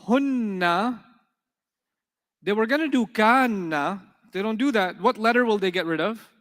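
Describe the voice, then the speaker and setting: A middle-aged man teaches a class, animated and quick to question his students. His voice sits high for a man. It rings out with a long reverb in a lecture hall. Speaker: Arabic teacher.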